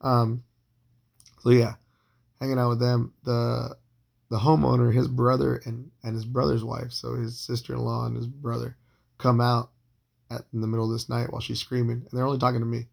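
Gravelly, husky man in his thirties rambling. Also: mid-range voice, level tone, moderate pace, darkish tone. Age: 30s. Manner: profane, rambling, with frequent fillers and restarts. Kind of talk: casual storytelling monologue.

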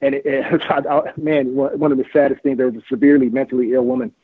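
A man's voice: medium pitch, fairly even intonation, fast, breathy edge, no room sound. A man being interviewed as a street outreach worker, talking in a fervent, preachy way, repeating his points and laughing often. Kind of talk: preachy, emphatic interview talk. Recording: phone-line audio.

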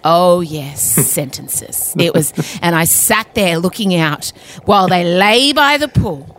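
A woman's voice: lowish voice, slow pace, a little hiss or hum. A woman, co-hosting a chat podcast and telling a story with dramatic, wry humor. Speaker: podcast co-host.

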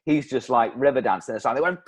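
A man co-hosting a comedy podcast, chatting casually and rambling, quick to laugh at his own jokes. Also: medium pitch, breathy edge. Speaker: podcast co-host.

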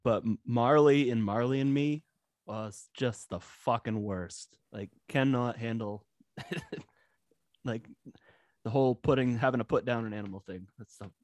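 Male podcast guest, medium-pitched, relaxed and hesitant, dry close-miked sound. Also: unhurried, no room sound. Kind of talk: casual podcast chat.

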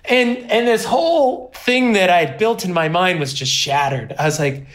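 A man in his thirties, a guest on an interview podcast, telling a personal story in a rambling, self-deprecating way with lively quoted asides. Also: high-pitched, moderate pace. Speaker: guest, pro snowboarder.

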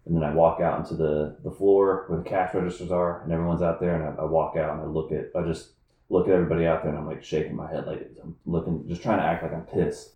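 Man, deep dark voice, casual storyteller who acts out the scenes, roomy echo. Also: fast, highs cut off. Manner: animated storyteller, acts out shouted lines.

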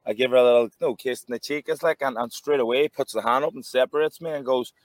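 A man's voice: mid-range voice, fast, dry recording. Chatty man telling stories. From Ireland. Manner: animated anecdotes with frequent restarts. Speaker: former boxer and actor. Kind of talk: casual storytelling.

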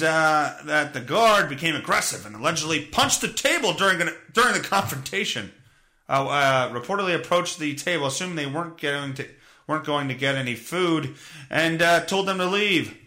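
A male podcast host delivers a profane, sarcastic, rambling comedic monologue at normal speed. His voice is on the high side, animated, pushed and bright.

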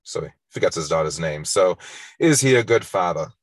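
Deep-voiced man with wry commentary. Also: animated, moderate pace, dry recording. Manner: wry, sarcastic, laughs often. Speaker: host. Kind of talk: casual movie countdown commentary.

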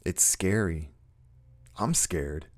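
A man speaking earnestly to his viewers in a motivational monologue, slow and emphatic, repeating short phrases. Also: deep voice. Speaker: self-help speaker.

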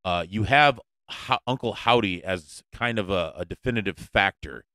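A man's voice: fairly low pitch, moderate pace, sharp tone, no room sound. A man hosting a podcast, chatting casually and interviewing his co-host in a playful, mock-formal way. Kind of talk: casual chat.

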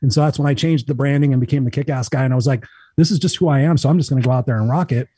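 Быстрый мужчина с глухим, тёплым голосом. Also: male voice, medium pitch, very fast, husky, no room sound. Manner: energetic, swears freely, acts out quotes. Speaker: motivational speaker. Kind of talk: casual storytelling chat.

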